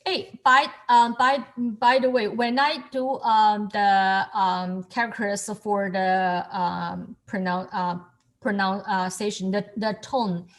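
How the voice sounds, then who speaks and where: Woman teacher on a video call, talks really slow, patient and encouraging, medium pitch. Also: steady tone. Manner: patient, encouraging, repeats words for the student. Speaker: calligraphy and Chinese teacher. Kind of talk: online lesson explaining to a student.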